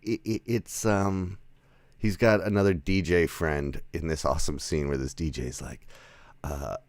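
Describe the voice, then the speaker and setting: Very deep-voiced rambling male movie reviewer. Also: steady tone, measured pace, a little mellow, no echo. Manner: rambling, filler-heavy, chuckling asides. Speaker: film reviewer. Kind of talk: casual spoken movie review.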